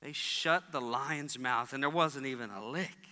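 Speaking at a measured pace in a bright, forceful voice, a male pastor delivers a sermon from the church sanctuary. He tells stories and performs the characters' voices with large leaps in pitch, and the hall adds a long reverb.

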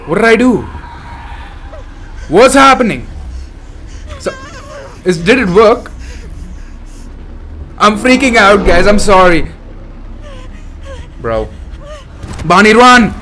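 A young man hosting a horror game playthrough, reacting loudly and excitably, with frequent swearing. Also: high-pitched, slow pace, pauses often, a little hiss or hum. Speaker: gaming channel host. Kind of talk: let's play commentary.

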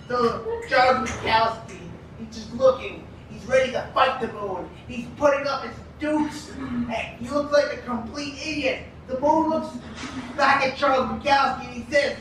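A man performing a comic spoken-word poem in a deadpan storytelling way at an indoor event. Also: extremely high pitch, moderate pace, a little hiss or hum. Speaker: poet. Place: indoor food shop event. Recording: echoey room from far off.

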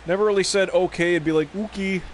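A man's voice: a little high, expressive, moderate pace. A man rambles through a live game stream in a slightly raised voice, trading play calls for stray anecdotes. He swears freely and talks into a desk microphone at home. A faint hiss sits under his voice. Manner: rambling, profane, drifting off on tangents. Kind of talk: casual gameplay commentary.

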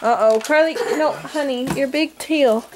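A woman's voice: high voice, unhurried. A young woman in her twenties chatting and giggling through a casual family vlog. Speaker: family vlogger and mother. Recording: noisy handheld camera audio.

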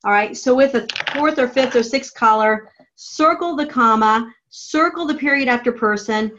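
A woman writing teacher giving a classroom grammar lesson, dictating each step slowly and deliberately. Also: fairly high pitch, highs cut off, background noise. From United States. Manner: slow, deliberate dictation of steps.

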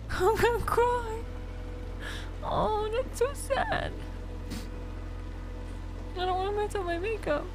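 A woman's voice: very high voice, slow, long pauses, music in the background. A young woman streaming a video game, reacting emotionally and thinking aloud as she plays. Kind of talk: live gameplay commentary.

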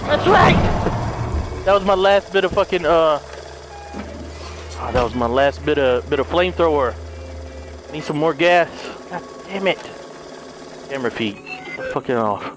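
A man playing a horror game and commenting live, swearing, shouting in panic, repeating himself and laughing. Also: a little high, lively intonation, a little slow, pauses often, background noise. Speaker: let's play gamer. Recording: loud game music and effects behind.

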